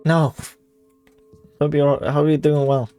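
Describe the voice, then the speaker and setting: A man's voice: fairly high pitch, level tone, measured pace, warm tone, no echo, soft background music. A man chatting casually on a live stream, rambling and self-mocking, swearing freely.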